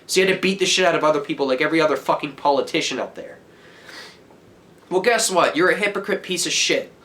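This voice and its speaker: Angry teenage guy ranting, higher-pitched. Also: fast talker. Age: teens. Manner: heated, profane, yelling. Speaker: vlogger. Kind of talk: angry rant to camera.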